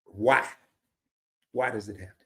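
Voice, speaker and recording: A man's voice: on the low side, measured pace, bright, forceful tone. A man from Arkansas with a Southern accent, hosting a livestream and telling stories in a laid-back, drawling way. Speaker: livestream host. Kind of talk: casual storytelling monologue.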